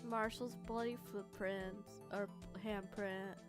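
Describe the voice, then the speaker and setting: A woman streaming a game live, chatting in a silly, playful way with sudden loud outbursts. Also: medium pitch, fairly even intonation, takes it slowly. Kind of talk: live gameplay commentary. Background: soft lofi music.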